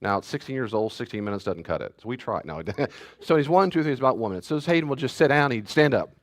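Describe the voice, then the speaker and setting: A man pastor giving a teaching talk and answering questions, telling family stories in an animated way. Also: medium pitch, quick pace. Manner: animated storyteller, acts out family scenes.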